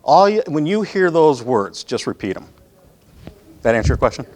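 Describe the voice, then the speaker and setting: A man's voice: medium pitch, sing-song, moderate pace, a little mellow. A man with a Midwest American accent running a live sales training session, talking conversationally and often checking in with the room.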